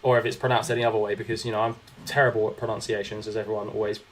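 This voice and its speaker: This young man's voice sits fairly low, and his delivery is flat even as he races along. He's casually narrating his own game on a live stream, reacting to it, reading chat aloud and chatting back to viewers.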